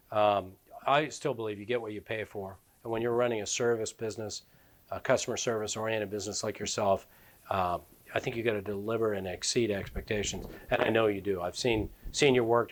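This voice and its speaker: A man hosting a car podcast at a car storage shop, affirming his guest and wrapping up with a promotional sign-off. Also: fairly low pitch. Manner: friendly, affirming, promo-style wrap-up. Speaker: podcast host.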